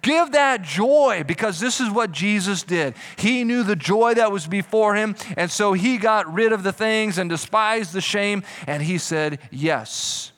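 A man preaching a sermon as pastor, lively, slipping into comic voices for imagined people. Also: high voice, moderate pace, few pauses. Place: church.

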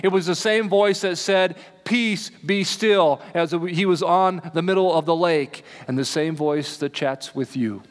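A man preaching a sermon in a relaxed, conversational way, slowing down to stress key lines. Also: on the high side. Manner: conversational preaching, slows for emphasis. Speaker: pastor. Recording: long hall reverb.

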